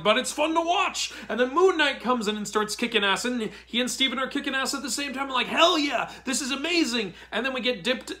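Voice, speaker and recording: A man giving a casual review of a TV episode, excitable and prone to exasperated outbursts. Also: high voice. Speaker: mythology video commentator.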